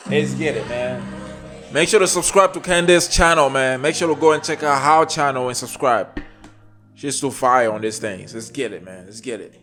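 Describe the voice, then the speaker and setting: A man hosting a reaction channel, chatting casually and repeating hype catchphrases between drawn-out asides. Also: medium pitch, a bit bright, soft background music.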